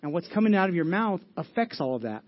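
A man's voice: high voice, very animated, quick pace, highs cut off. A man preaching a conversational sermon, earnest, often restarting and repeating phrases and putting questions to the congregation. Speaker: pastor.

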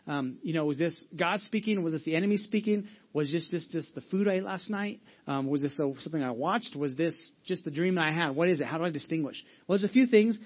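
A man preaching a sermon as pastor, energetic and conversational, often restarting his sentences. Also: a little high, husky. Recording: dull lo-fi sermon audio.

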